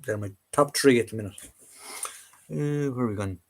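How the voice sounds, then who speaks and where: A man's voice: mid-range voice, moderate pace. Rambling Irish man chatting live. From Ireland. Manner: rambling and chatty, with frequent restarts and fillers. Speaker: live-stream host. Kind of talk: casual live chat. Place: home room full of collectibles.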